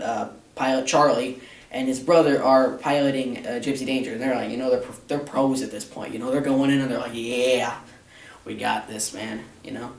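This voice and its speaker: A young man reviewing a film in a rambling, sarcastic way, with many fillers and restarts. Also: mid-range voice. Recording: echoey room, mic at a distance.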